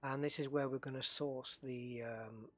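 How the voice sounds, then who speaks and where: A middle-aged Englishman with an English accent, talking at a mid pitch while he streams a game. He chats loosely and keeps interrupting himself. A faint hum of room noise sits behind him. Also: fairly even intonation, measured pace. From northeast England. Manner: chatty, rambling, self-interrupting. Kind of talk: casual live-stream commentary. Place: home room at a desk.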